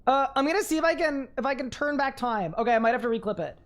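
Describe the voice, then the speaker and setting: Excitable young woman streaming a game. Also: sits high, fast talker. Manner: excitable, laughs often, talks to chat. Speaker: gaming streamer. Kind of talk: live gaming commentary.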